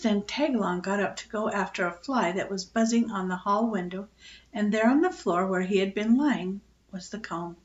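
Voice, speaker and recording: An older woman reading a children's book aloud, expressive with small slips. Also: mid-range voice, moderate pace. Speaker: storyteller. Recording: echoey lo-fi home recording.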